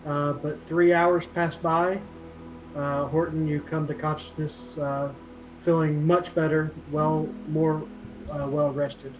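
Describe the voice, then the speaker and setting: A man narrating as game master of a tabletop game, unhurried and full of uhs. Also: fairly high pitch, level tone, soft background music, rough recording. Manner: unhurried, filler-heavy narration.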